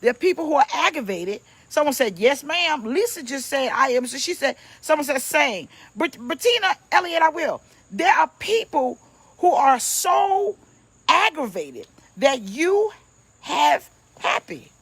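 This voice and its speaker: A woman's voice: high-pitched, big pitch swings, a little slow, fairly bright tone, no room sound. A woman pastor, preaching casually on a livestream from home, playful and chatty as she greets viewers by name.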